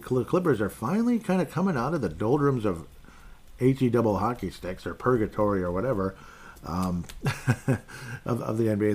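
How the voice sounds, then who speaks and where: Podcast host, male, low voice, rambling opinionated fan chat. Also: a little mellow. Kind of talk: casual sports talk.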